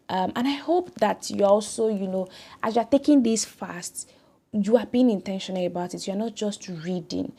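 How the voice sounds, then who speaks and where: A woman's voice: medium pitch, darkish tone, husky. A woman hosting a devotional podcast, speaking in an earnest, exhorting way and repeating phrases for emphasis. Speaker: podcast host.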